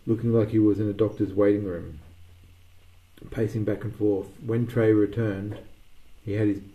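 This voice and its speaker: A man's voice: fairly low pitch, fairly even intonation, normal speed, lo-fi sound. A man narrating a story aloud, reading with occasional restarts and small slips.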